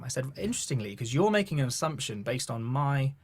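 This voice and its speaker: Speaking fairly quickly in a mid-range, slightly rough voice, this vocal coach and gospel choir leader has a posh southern English accent. During a relaxed podcast interview he tells stories animatedly, performing the voices of anyone he quotes.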